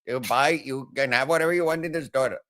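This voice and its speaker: A man's voice: mid-range voice, a little fast, fairly bright tone, voice pushed up, natural voice. A man putting on an Indian accent to play a friendly, pushy shopkeeper. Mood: coaxing.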